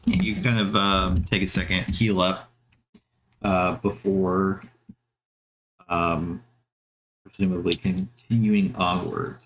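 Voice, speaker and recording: A man with a low, deep voice narrates the scene as game master of a tabletop game. He meanders through his descriptions with frequent ums and restarts. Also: slow, long pauses, a little hiss or hum. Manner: relaxed, meandering with many fillers.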